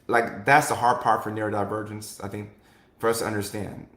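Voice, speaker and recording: A man's voice: fairly low pitch, little pitch movement, a little fast, a bit bright. A man hosting a casual talk show, chatting loosely and answering viewers, with lots of "like" and "you know" and frequent restarts. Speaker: host. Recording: echoey room.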